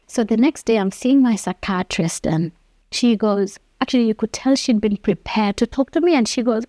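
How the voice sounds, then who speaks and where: A woman's voice: mid-range voice, normal speed, a little mellow, no room sound. A woman in her fifties, an interview guest, telling her personal story earnestly and acting out the dialogue she quotes.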